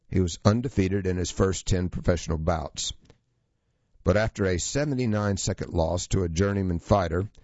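Male narrator, very low voice, steady long-form storytelling, dry muffled read. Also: no room sound. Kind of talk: scripted narration of a true story.

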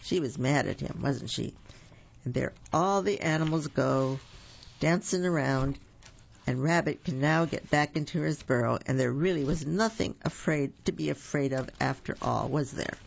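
A reader reading picture books aloud to children, gentle with explaining asides. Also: mid-range voice, normal speed, gravelly. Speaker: storybook reader. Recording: dull lo-fi recording.

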